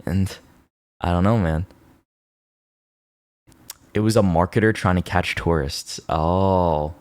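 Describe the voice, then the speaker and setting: A male streamer chats casually in a lowish voice, telling a story that wanders with fillers and "right?" tags. The sound is dry and close. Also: slow, a little mellow, dry recording. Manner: rambling, lots of "like" and "right?".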